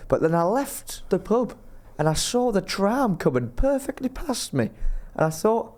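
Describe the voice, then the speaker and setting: A man's voice: high-pitched, very animated, unhurried, darkish tone. A young man, rambling through a self-mocking story as a podcast co-host. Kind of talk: casual storytelling chat.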